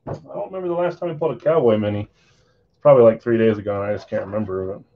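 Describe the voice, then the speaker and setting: A fast-talking man with a lowish voice hosts a live card break stream, tired and yawning as he casually calls out bids and sales. There's slight background noise, and the lo-fi stream audio sounds slightly dull.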